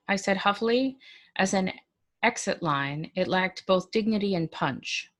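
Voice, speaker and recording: A woman, a librarian, reading a first-person story aloud in a measured, dry, expressive way. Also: medium pitch.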